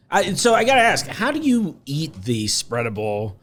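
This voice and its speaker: Enthusiastic male podcast host, lively and animated delivery, light noise in the background. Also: a little high. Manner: enthusiastic, effusive, quick to laugh. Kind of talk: casual conversation.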